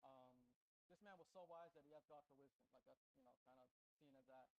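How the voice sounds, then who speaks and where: A man's voice: mid-range voice, fast talker, rough recording. A man preaching a casual sermon in a church, chatty and loose, often checking in with the congregation. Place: church sanctuary indoors.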